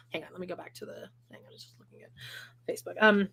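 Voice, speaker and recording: A woman's voice: sits high, wildly swooping pitch, very fast. A young woman co-hosting a casual chat, reading a book aloud and breaking off with sarcastic, mocking asides. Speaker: podcast co-host.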